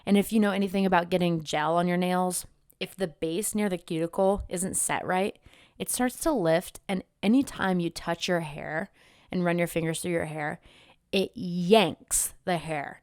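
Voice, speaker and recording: A young woman vlogging as a travel content creator, telling a story in a chatty, animated way and acting out the voices of the people in it. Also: lowish voice, moderate pace, clean tone, no echo, studio quality. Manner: chatty, animated, acts out quoted voices with many "like"s. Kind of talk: casual storytelling vlog.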